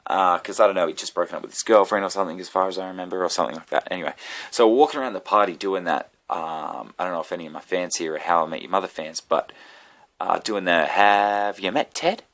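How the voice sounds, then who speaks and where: Low-voiced man rambling. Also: quick pace, a bit bright. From Australia. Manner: profane, self-mocking, chatty asides. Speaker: comedian vlogger. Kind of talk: rambling casual monologue.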